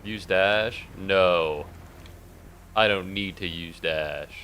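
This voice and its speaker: A man's voice: deep voice, very slow, pushed and bright, slight background noise. A young man streaming a game, rambling and sarcastic, swearing a lot and yelping suddenly at the game. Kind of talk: casual gameplay commentary.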